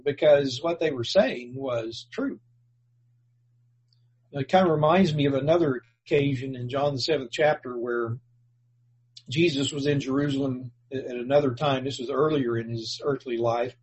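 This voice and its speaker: A man's voice: mid-range voice, normal speed, a little mellow, slightly rough, muffled recording. A man preaching a sermon in an earnest, plainspoken way, reading and explaining scripture for a congregation. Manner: earnest, plainspoken, restarts words, rises when quoting scripture.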